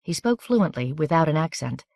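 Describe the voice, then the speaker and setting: A woman narrating an audiobook in an even, measured, scripted reading on a close studio microphone. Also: low voice, creaky, no echo.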